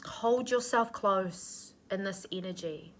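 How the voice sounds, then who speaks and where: A woman speaks in an unhurried, drawn-out way as she channels a spiritual reading. Her tone is earnest and nurturing, with casual swearing among the affirmations. Her pitch sits in the middle of the range. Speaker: intuitive reader.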